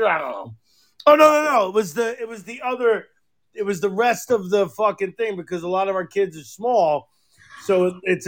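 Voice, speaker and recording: A man with a very high voice hosts a casual podcast. He tells stories in an animated, profane way. He often acts out other people in a loud voice. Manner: profane, animated storytelling, mimics others loudly. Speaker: podcast host.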